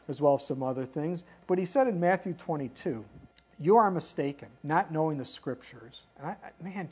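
A woman's voice: deep voice, mellow, husky. A woman preaching a sermon in a conversational way, asking rhetorical questions and reading scripture aloud. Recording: dull lo-fi recording.

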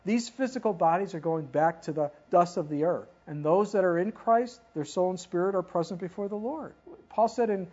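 Husky woman preaching a sermon. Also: on the low side, moderate pace, a little mellow. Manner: conversational, rhetorical questions, reads scripture aloud. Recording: dull lo-fi recording.

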